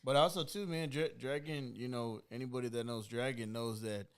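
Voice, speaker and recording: A man's voice: mid-range voice, fairly even intonation, fairly quick, smooth. A man co-hosting a podcast, chatting in a laid-back, profane way. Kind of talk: casual chat.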